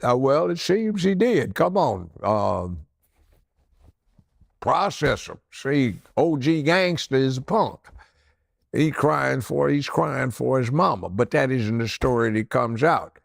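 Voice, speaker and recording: An older man, a former judge, telling courtroom stories in an animated way and acting out the people in them. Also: medium pitch, slow, gravelly, no echo, clean studio sound. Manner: animated, acts out characters in his stories. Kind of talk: storytelling anecdote.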